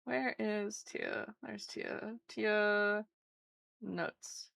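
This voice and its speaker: Woman streamer, bright and forceful voice, excitable, dry close sound. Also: mid-range voice, drawn-out words, creaky, dry recording. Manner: bubbly, excitable, swears casually. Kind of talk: casual live-stream chat.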